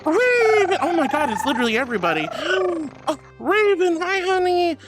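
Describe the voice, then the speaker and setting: A woman's voice: extremely high pitch, big pitch swings, normal speed. Giggly, affectionate woman streamer. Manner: affectionate, calls viewers sweetie and honey; giggly and playful. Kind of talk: casual chat reading out viewer messages. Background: faint background music.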